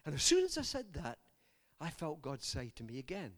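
Earnest preacher man, lively voice. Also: a little high, fairly quick. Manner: earnest, speaks straight to the congregation with asides and questions. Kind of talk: personal testimony in a sermon.

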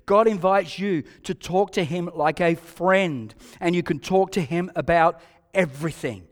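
A man with an Australian accent delivers an emphatic sermon as pastor, his voice pitched very high for a man. He hammers home repeated phrases, rising loud then dropping quiet. The church sound carries a long, lingering hall reverb. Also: a little slow. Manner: emphatic preaching with repeated phrases and swings between loud and hushed.

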